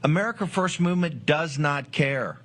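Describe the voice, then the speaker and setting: Forceful man rambling on politics. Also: fairly high pitch, expressive, normal speed. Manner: forceful, rambling, frequent fillers, rising emphasis. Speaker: political commentator. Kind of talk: broadcast political talk.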